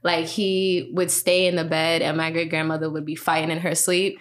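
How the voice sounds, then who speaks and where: A podcast guest, a woman with a slightly low voice, telling family stories in relaxed conversation. She rambles in a chatty way, strings her sentences together with "like", and slips into little acted-out quotes. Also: moderate pace. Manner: chatty storyteller, many "like" fillers, acts out quotes. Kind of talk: casual chat.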